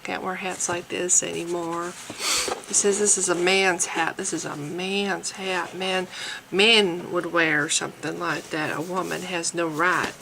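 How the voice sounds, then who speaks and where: A woman voicing a naive, devoted woman eager to please her man, in a strained put-on Southern accent, halting and hesitant with breathy sighs. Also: flat delivery, noisy background. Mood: earnest. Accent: put-on, strained Southern American. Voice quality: gravelly, lowish voice. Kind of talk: satirical character monologue.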